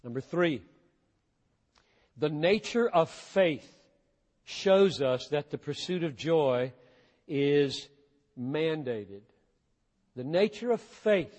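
A man preaching a sermon with earnest intensity, swinging between hushed, low passages and sudden emphatic bursts. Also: expressive, takes it slowly, pauses often. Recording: long hall reverb.

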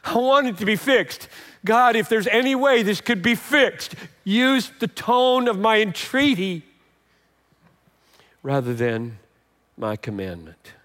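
An older man preaching a sermon as a pastor, moving between loud emphatic points and hushed, tender passages. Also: high voice, big pitch swings, takes it slowly. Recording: long hall reverb.

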